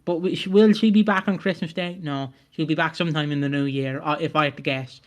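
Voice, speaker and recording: A man's voice: on the high side, fairly even intonation, quick pace. A man co-hosting a podcast, recapping casually in a rambling way with frequent self-corrections and laughter. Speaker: podcast co-host.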